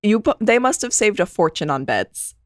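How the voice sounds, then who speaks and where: A woman's voice: mid-range voice, sing-song, moderate pace, dry recording, studio quality. A woman co-hosting a podcast in casual chat, joking and rambling with frequent laughs. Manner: jokey, rambling, laughs often. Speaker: podcast co-host.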